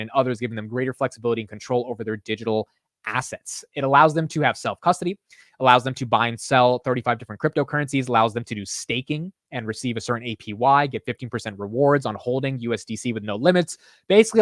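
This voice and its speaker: A man's voice: medium pitch, no room sound. Young american guy, market host, slangy casual chat, dry close sound. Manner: casual, slangy, says dude and bro. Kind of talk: casual livestream market commentary.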